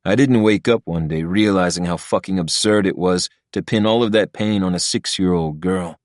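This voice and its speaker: A man narrating a dark romance audiobook in the first person, with a gruff, brooding and profane delivery. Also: deep voice, normal speed, no room sound, clean studio sound.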